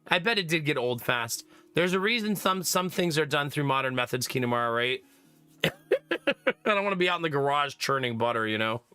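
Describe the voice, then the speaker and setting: Male streamer, bright chatty voice, lively pitch, dry close sound, faint music behind. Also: brisk, clean tone, no echo. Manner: chatty, laughs often, talks to chat. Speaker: game streamer. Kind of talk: casual live-stream chat.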